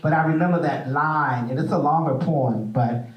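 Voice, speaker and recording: A man hosting a stage interview, playful and animated as he tells stories. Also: fairly high pitch, normal speed, distant mic, lo-fi sound. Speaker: host. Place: theater stage. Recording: echoey room, mic from afar.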